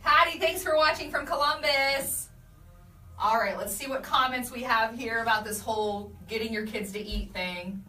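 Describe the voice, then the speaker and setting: A young adult woman hosting a casual live video, reading viewer comments and telling animated stories about her kids. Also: on the high side, moderate pace, roomy sound, recorded from a distance, soft background music. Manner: chatty, animated storytelling with laughs. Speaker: radio host doing a live video.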